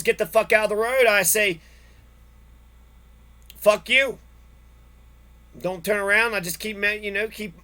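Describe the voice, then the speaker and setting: A man with a sharp, high voice angrily tells his own story. The monologue goes on at length, swearing-laden and repetitive, a classic personal rant.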